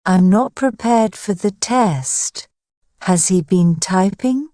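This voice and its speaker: A woman reading English grammar example sentences one by one in an even, deliberate way, as a lesson. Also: medium pitch, no echo, studio quality. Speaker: English teacher. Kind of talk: slow scripted grammar drill.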